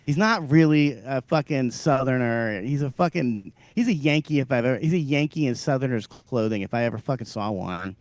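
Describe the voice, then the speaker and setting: A man from the American South co-hosting a podcast, ranting profanely with big swings in loudness. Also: mid-range voice, brisk, hardly any pauses, no room sound. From Southern US (Louisiana). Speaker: podcast co-host, comedian. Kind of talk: casual chat.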